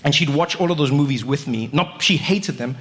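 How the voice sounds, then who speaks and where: A young man performing a stand-up comedy routine, telling a story with lively acted-out voices. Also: a little high, a little fast, long reverb tail.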